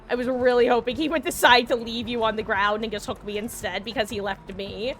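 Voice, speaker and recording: Young woman chatting on her game stream, giggly, kinda high voice. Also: fairly even intonation, fairly quick, a bit bright. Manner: chatty, giggly, coos baby talk to her cat. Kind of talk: casual live-stream chat while gaming.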